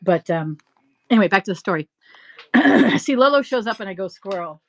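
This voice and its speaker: A woman's voice: mid-range voice, normal speed. Chatty woman hosting a live sale. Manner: rambling, animated storyteller, laughs often. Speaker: live-stream reseller host. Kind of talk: chatty live-selling stream.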